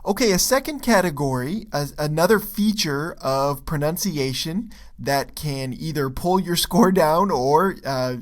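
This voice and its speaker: A man's voice: on the high side, measured pace, few pauses. A man teaching English pronunciation in a video lesson, explaining step by step and checking in often with "okay?" and "right?". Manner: relaxed, with frequent fillers and restarts.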